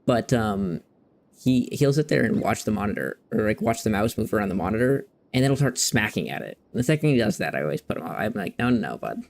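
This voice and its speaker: A man's voice: fairly low pitch, expressive, quick pace, vocal fry, darkish tone, slight background noise. A man hosting a gaming video, chatting casually in a rambling, candid way and swearing now and then. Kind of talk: casual chat while playing.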